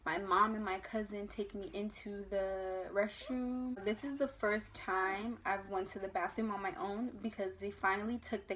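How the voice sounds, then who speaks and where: A young woman from the United States telling a personal birth story to camera in a casual vlog, emotional and animated, acting out the voices of others. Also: medium pitch. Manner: emotional, animated retelling with acted quotes.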